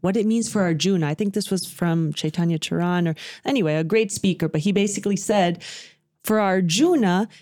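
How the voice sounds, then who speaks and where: A woman's voice: on the low side, a little fast, a little mellow. A woman podcast co-host in a casual discussion, explaining a scriptural passage by reading and paraphrasing it.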